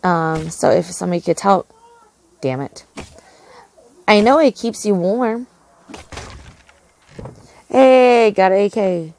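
A young woman narrating her own gameplay in a casual, excitable, easily distracted way, full of fillers and sudden outbursts. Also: medium pitch, takes it slowly, creaky, long pauses. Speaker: gaming channel host. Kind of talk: casual game commentary.

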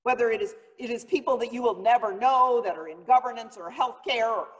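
A woman's voice: fairly high pitch, fairly quick. A woman pastor giving a sermon, telling the story in an earnest, dramatic way. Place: church sanctuary. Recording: long reverb of a church hall.

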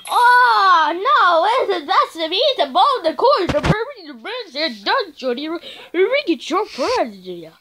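Woman, very high voice, lively swoops, excited game commentary, noisy recording. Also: slow pace, hardly any pauses. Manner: excitable, squeals and hums along. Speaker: gameplay narrator.

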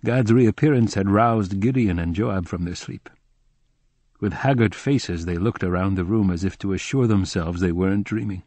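A man narrating a literary audiobook in a measured, solemn reading. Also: deep voice, darkish tone, dry recording.

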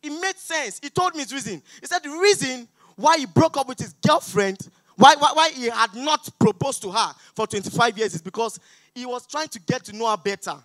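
A young Nigerian man with a Nigerian accent doing a stand-up comedy set on an auditorium stage, loud, pleading and mock-outraged with the crowd. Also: very high-pitched, lively intonation, a little fast, dry recording. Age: young adult.

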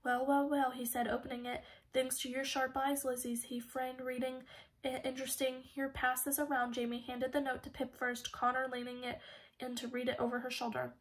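A woman narrates an audiobook in a slightly high voice. Her intonation stays fairly even and does not swing much. She voices every character's dialogue herself and now and then stumbles and restarts a word. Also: brisk, low-quality recording. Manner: reads all the characters' dialogue in her own voice; occasional slips and restarts. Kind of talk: audiobook reading.

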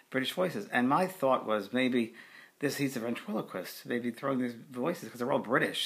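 A middle-aged man with a mid-range voice, a spiritual medium, tells a memory in a relaxed, chatty way full of fillers. He acts out the voices of people he quotes, like someone giving a video testimonial.

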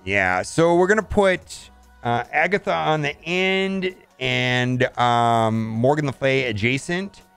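A man's voice: mid-range voice, lively intonation, slow, a bit bright, clear, resonant tone, soft background music. A man casually commenting on a mobile game as he plays, thinking aloud and often saying "all right".

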